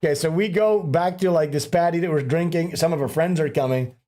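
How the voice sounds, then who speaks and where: A man's voice: fairly high pitch, brisk, dark tone. A man hosting a livestream, telling a long story in a rambling, profane way, laughing often and acting out what people said. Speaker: livestream host. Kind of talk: casual storytelling chat.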